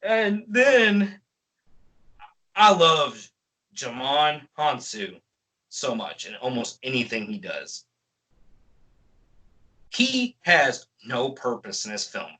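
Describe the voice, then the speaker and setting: Animated, bright-voiced ranting man. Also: mid-range voice, poor audio. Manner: profane, exasperated ranting. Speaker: film reviewer. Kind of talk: ranting movie review.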